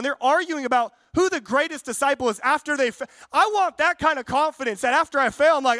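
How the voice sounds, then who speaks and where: High-voiced young man preaching fervently. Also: fast, pushed and bright, no room sound. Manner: conversational, fervent preaching with acted-out quotes. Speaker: pastor. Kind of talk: sermon.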